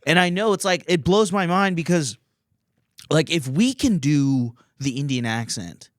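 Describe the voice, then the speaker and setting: A man's voice: a little high, expressive, a little slow, no echo, studio quality. A man hosting a comedy podcast, chatting crudely and laughing between impressions. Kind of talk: casual podcast banter.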